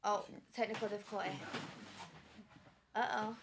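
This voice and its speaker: Over a noisy background, a young Sheffield-born singer with a Yorkshire English accent speaks at medium pitch and a normal pace. Sitting down as an interview guest, she tells casual stories with lots of energy, performing each bit of quoted speech.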